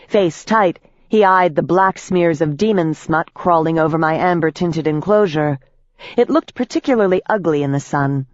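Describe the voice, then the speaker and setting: A woman's voice: low-pitched, no echo. A woman narrates a first-person fantasy audiobook with tense, vivid storytelling. The recording is dry and close, with a slightly dull, muffled top end.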